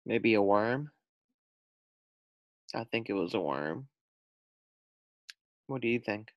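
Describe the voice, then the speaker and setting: A man reading a children's storybook aloud, animated and pausing to ask the listener questions. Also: on the low side, dry recording, muffled recording. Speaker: storybook reader.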